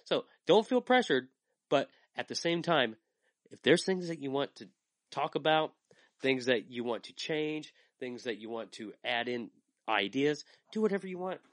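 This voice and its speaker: A man's voice: mid-range voice, animated, normal speed, a bit bright, dry recording. A young adult man hosting a podcast, chatting in an earnest, rambling way full of likes. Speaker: podcast host. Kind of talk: casual chat.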